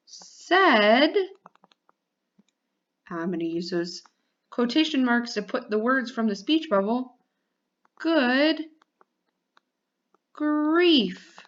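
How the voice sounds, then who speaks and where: A woman teaching young children speaks clearly, stretching her words in a sing-song manner. Her voice is slightly high, and the audio is lo-fi.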